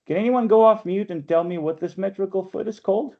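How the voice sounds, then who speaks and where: A man's voice: sits high, a little fast, gravelly. A man giving an online poetry workshop lecture, explaining step by step and often checking in with "right?". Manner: explanatory, keeps asking "right?". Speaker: workshop instructor. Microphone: video call. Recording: lo-fi video call audio.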